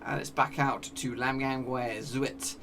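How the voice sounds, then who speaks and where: Excitable man calling a football sim. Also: mid-range voice, takes it slowly, far from the mic, background noise. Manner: excitable, cheers at goals, talks to his players. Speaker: gaming YouTuber. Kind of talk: live commentary over a football management game.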